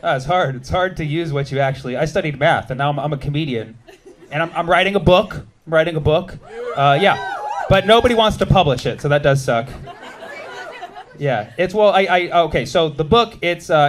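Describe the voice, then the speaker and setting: A man in his thirties from the United States doing a stand-up set, animated and punchy, with shouted bits and quick asides to the crowd. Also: on the high side. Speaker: stand-up comedian.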